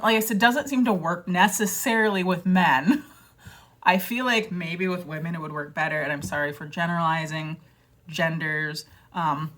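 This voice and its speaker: A woman's voice: on the low side, a bit bright. A woman vlogger chatting casually and self-deprecatingly, rambling with fillers and dropping into quoted voices. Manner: rambling with many fillers and restarts. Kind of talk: casual chat to camera.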